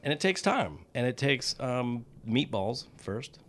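A man's voice: mid-range voice, a little slow. An American man co-hosting a podcast, talking casually with lots of swearing and rambling asides. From United States. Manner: profane, rambling, animated. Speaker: podcast co-host. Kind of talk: casual chat.

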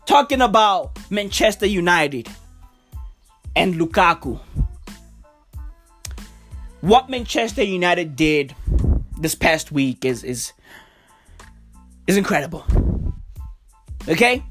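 A woman's voice: lowish voice, animated, slow, pauses often, fairly bright tone, faint music behind. A woman hosting a podcast, ranting about football in a profane, stammering, overexcited way. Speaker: podcast host. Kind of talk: casual football rant.

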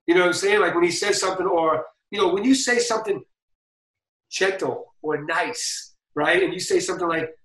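A man from Boston, a DJ and guest, telling stories in a fast, slangy way full of fillers. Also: high-pitched, fairly bright tone, reverberant, recorded from a distance, low-quality recording. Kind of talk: casual storytelling interview.

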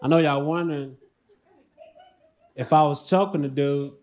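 A man performing a stand-up comedy routine on a club stage, with a dry, deadpan delivery. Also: fairly high pitch, moderate pace. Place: comedy club stage before a live audience. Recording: noisy live stand-up recording.

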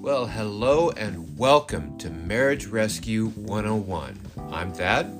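Low-voiced middle-aged man telling a story. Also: expressive, slow, over music. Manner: laughing, full of fillers and restarts. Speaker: podcast co-host. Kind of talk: casual storytelling chat.

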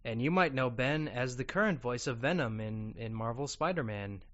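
A man hosting a podcast, asking questions in a casual interview, often halting and restarting. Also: medium pitch, expressive, muffled recording. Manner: fast, loud opening, then halting questions. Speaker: podcast host.

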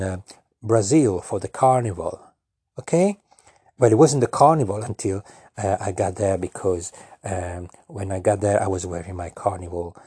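Halting, rambling man with a husky voice. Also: on the low side, mellow, dry recording, clean studio sound. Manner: hesitant, full of fillers and restarts. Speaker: storyteller. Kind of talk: rambling absurd comic monologue.

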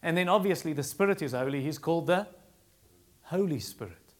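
Male preacher; emphatic sermon delivery, voice a touch high. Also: lively intonation, a little fast. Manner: emphatic, repeats phrases for stress.

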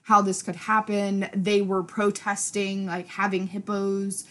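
A woman in her thirties with a hoarse throat, co-hosting a casual podcast chat in an animated, rambling way. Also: mid-range voice, unhurried. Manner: animated, rambling with many "like" fillers. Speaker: podcast co-host.

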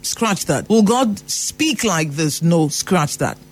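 A man's voice: fairly high pitch, lively intonation, slow pace. A Nigerian man giving an emphatic motivational talk, repeating phrases for emphasis. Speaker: motivational speaker.

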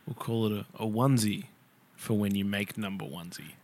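A man in casual banter, chiming in with quick jokes and crude puns. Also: lowish voice, darkish tone. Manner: quick jokey interjections, laughs often.

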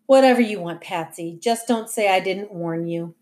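A defensive middle-aged father, as a woman reader plays him, grumbles in a sulky way. His lines come out a little lower and flatter than the narration. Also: moderate pace, close to an everyday voice. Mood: grumbling.

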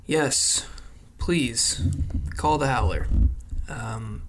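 A man's voice: mid-range voice, extremely slow, background noise. A man co-hosting a casual podcast, loose and joking, inviting listeners to call in. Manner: loose and joking, with many fillers. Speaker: podcast co-host.

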